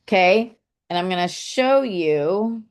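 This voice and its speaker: A woman's voice: fairly low pitch, expressive, slow, clean tone. A woman teaching a casual online poetry lesson, chatty and thinking aloud, saying "okay" often and tapping out syllables and stresses.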